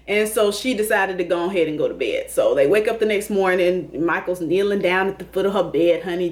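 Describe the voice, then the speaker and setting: A woman hosting a casual comedic TV recap, sassy, calling people honey and baby and laughing often. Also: mid-range voice. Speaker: YouTube TV recap host.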